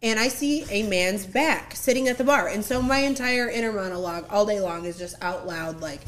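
A young woman telling a story in casual chat, animated and acting out the quotes, laughing often. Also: medium pitch, brisk, hardly any pauses. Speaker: podcast guest.

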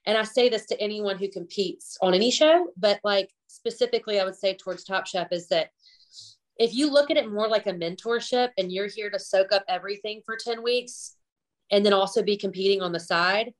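A woman's voice: mid-range voice, a little fast. A woman with a Southern US accent from the Gulf South, a chef chatting candidly as a podcast guest and laughing often. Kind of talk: casual interview chat.

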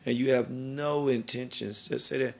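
A man's voice: mid-range voice, fairly even intonation, normal speed, creaky. A middle-aged man hosting a podcast interview, talking in an emphatic, preachy, rambling way about worth and family. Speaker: podcast host.

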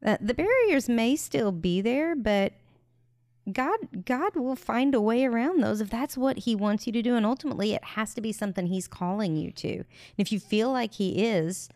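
A woman's voice: fairly high pitch, lively intonation, moderate pace, darkish tone, no room sound, studio quality. A woman co-hosting a podcast, giving earnest and encouraging advice in casual chat. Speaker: podcast co-host.

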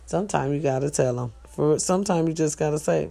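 Woman, gravelly, dark-toned, blunt profane vlogger. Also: deep voice, a little fast. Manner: profane, blunt, animated preaching. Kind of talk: casual advice rant to viewers.

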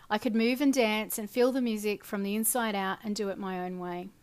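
Soft-spoken woman narrating. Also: mid-range voice. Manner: soft, earnest, drops quiet at phrase ends. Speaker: dance facilitator. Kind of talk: reflective personal narration.

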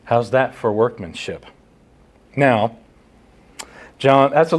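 A man's voice: mid-range voice, slow. A man preaching an expository sermon, teaching earnestly and repeating key phrases for emphasis. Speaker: pastor.

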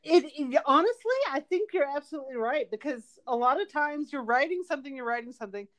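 A woman co-hosting a casual fan podcast, agreeable, with quick interjections. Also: high voice, expressive, fairly bright tone. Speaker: podcast co-host. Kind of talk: casual fan podcast chat about a TV show.

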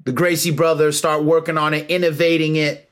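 A man's voice: on the high side, level tone, fairly quick, fairly bright tone. A man giving an impassioned, preachy monologue about martial arts, emphatic and full of slang.

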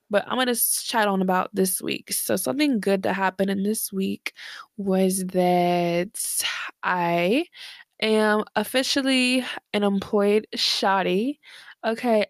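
In a mid-range voice, a tired and slightly breathless young woman hosts her podcast from her bedroom late at night, chatting in a rambling, slangy way with many fillers. She uses headphones and a desk mic, and the recording is dry and studio-clean.

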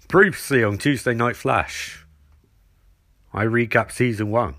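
A man's voice: medium pitch, a little slow, long pauses, pushed and bright, no echo. Man giving a rambling, jokey podcast recap. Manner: rambling and jokey, briefly mimicking characters in quotes. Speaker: podcast host. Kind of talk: casual comedic episode recap.

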